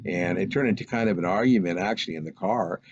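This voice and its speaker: A man's voice: sits low, fast, a little hiss or hum. A man telling a personal anecdote in a casual, rambling, meandering way. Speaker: storyteller recounting a personal experience. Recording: dull lo-fi recording.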